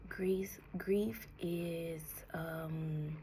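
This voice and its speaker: Slow, whispery woman with a gravelly voice. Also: sits low, steady tone, mellow, slight background noise. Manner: slow, soothing, often drops to a breathy whisper, calls listener honey. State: emotional, near tears. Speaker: tarot reader. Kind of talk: spiritual message to viewers.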